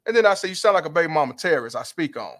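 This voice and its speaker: A man's voice: on the high side, big pitch swings, very fast, fairly bright tone. A man hosting a livestream, ranting bluntly and profanely in heated commentary. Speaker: livestream host.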